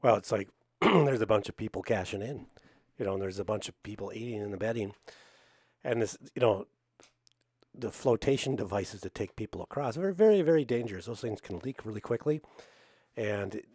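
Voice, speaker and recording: A man hosting a political talk show, talking in a matter-of-fact way and often clearing his throat. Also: fairly low pitch, expressive, fairly quick, darkish tone, no echo, clean studio sound. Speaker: host.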